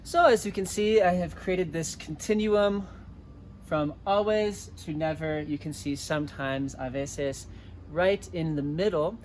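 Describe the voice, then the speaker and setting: A man teaching a language lesson, repeating each word slowly and clearly so listeners can type it. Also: a little high, darkish tone, a little hiss or hum. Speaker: Spanish teacher. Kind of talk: slow dictation-style language lesson.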